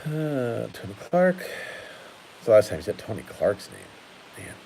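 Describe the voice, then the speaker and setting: A man's voice: lowish voice, very animated, a little slow, creaky, warm tone, a little hiss or hum, low-quality recording. A man hosting a casual card-collecting live stream, chatty and laughing often while he sorts cards at his table.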